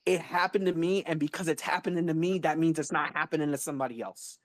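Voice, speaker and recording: A man in his thirties with a fairly high voice, speaking out with raw emotion in a live online audio room. He talks bluntly and swears freely, repeating words and restarting sentences to drive each point home. The sound is dry and close, with almost no room echo. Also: fairly even intonation, quick pace. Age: 30s. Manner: emphatic, profane and blunt, with repetition and restarts. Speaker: guest speaker.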